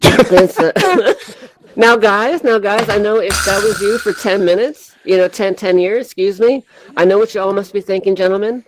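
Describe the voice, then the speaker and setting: A woman's voice: mid-range voice, moderate pace, rough recording. A woman co-host telling raunchy comic stories, laughing often and talking crudely. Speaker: co-host and bartender. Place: virtual reality social app.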